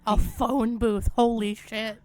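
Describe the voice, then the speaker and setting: A woman co-hosting a game stream, chiming in with excited, quick reactions. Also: a little high, no room sound, faint music behind. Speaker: co-host, streamer. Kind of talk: casual chat over a game.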